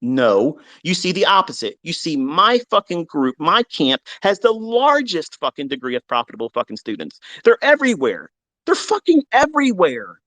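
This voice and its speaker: A man hosting a live online audio chat, ranting heatedly and profanely, swinging between loud outbursts and low mutters. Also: very animated, normal speed, hardly any pauses. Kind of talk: heated unscripted rant. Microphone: online audio room.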